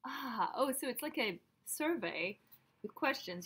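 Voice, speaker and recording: A woman's voice: a little high, expressive, unhurried, a bit bright, husky. Woman vlogger with a stuffy head cold, rambling read-aloud with offhand asides. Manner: drifts between reading aloud and chatty asides. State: congested from a cold. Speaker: vlogger reading her father's papers. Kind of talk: casual rambling talk and reading aloud.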